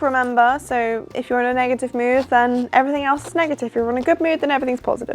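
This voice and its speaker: Racing along with few pauses, this fairly high-pitched female voice belongs to a young British vlogger in her twenties. Worn out from lack of sleep, she chats to camera in a relaxed, self-deprecating way, hopping between subjects.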